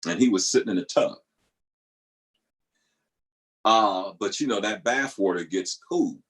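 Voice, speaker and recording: A middle-aged man telling a family story in a casual monologue. His voice sits at an ordinary pitch, and his delivery stays loose and conversational. When he quotes people he jumps into high squealing voices. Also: a little slow, poor audio. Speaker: vlogger.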